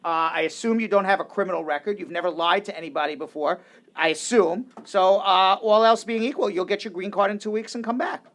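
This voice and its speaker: A male call-in host with a somewhat high voice talks with brisk confidence. He lays out answers plainly and teases his co-host between calls. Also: steady tone, a bit bright. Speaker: immigration lawyer and radio host. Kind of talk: call-in radio advice.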